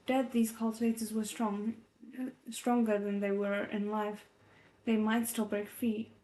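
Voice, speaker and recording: A woman reading a novel aloud as a readalong host, soft and measured, breaking off to react with feeling. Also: mid-range voice. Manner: emotionally invested, breaks off to react.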